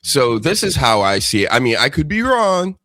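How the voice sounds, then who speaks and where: A man's voice: mid-range voice, sing-song, moderate pace, sharp tone, dry recording. A man hosting a casual chat show, talking in a loose, profane, rambling way. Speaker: podcast host.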